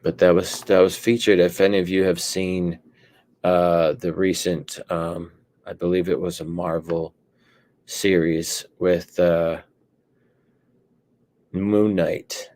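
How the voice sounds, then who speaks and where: A man speaking as a panelist in a casual discussion, hesitant and pausing often with fillers. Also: low voice, little pitch movement, a little mellow, no echo. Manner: hesitant, many fillers and pauses.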